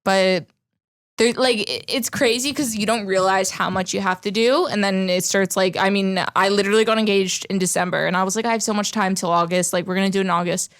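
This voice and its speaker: The voice is a woman in her twenties, a podcast guest in casual chat. Her pitch sits at an ordinary middle height. She keeps things chatty, leaning on "like" again and again. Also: steady tone, a little fast. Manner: chatty, lots of "like" fillers.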